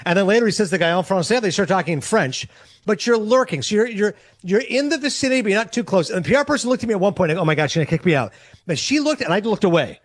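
A sports radio host telling an excited, self-mocking story and acting out each exchange in quoted voices. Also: male voice, sits high, dry recording. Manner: fast, excitable, self-mocking, acts out dialogue. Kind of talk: animated storytelling on a talk show.

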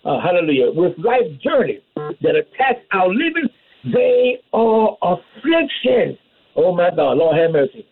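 A man delivers a fervent sermon in a high, husky voice, punctuating his points with amen and hallelujah. The sound is tinny and narrow, like a phone-line radio broadcast. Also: very animated, unhurried. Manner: call-and-response preaching, repeats amen and hallelujah. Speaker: preacher.

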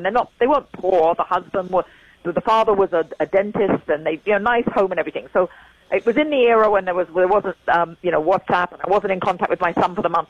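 An older woman from England, a guest in an interview, telling stories with animated, emphatic repetition over a dull lo-fi line. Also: mid-range voice, no echo. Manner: animated storyteller, emphatic repeating. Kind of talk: phone-in interview chat.

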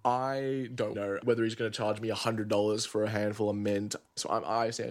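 Young man telling a travel story, low voice. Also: little pitch movement. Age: 20s. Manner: casual, vivid storytelling with quick asides. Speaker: student storyteller.

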